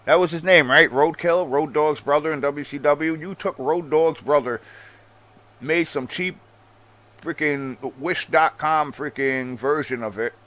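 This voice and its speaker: A man's voice: on the high side, measured pace, a bit bright. Sarcastic guy ranting, cussing nonstop, keeps saying bro. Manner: profane, sarcastic, calls listener bro. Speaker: wrestling commentary host. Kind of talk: casual rant.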